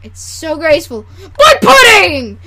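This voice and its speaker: A woman putting on a hyper male pitchman selling pudding in a mock commercial, shouting frantically. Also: animated, normal speed, heavy background noise. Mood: manic shouting.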